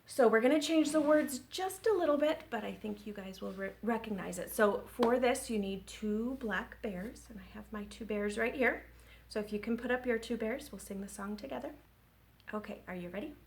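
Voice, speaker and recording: A woman children's librarian leading story time, gentle and expressive. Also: mid-range voice, a little hiss or hum. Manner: gentle, expressive, engaging kids.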